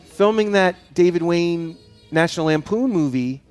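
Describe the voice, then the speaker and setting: A man chatting as a guest on a live show, rambling and telling animated stories with frequent laughs. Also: high-pitched, normal speed, smooth, faint music behind. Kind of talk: casual chat. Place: studio.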